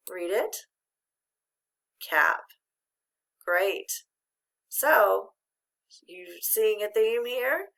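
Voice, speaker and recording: Patient middle-aged teacher lady doing phonics, raspy-ish bright voice, lots of praise. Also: mid-range voice. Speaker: reading teacher. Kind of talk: phonics lesson to a child.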